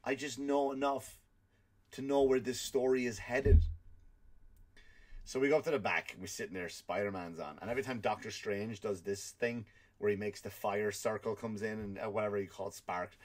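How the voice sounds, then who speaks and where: A man with an Irish accent, a comedian hosting a podcast, telling stories in an animated, swear-filled rant. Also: fairly low pitch, moderate pace. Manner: animated storytelling with frequent swearing. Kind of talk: ranting comedic monologue.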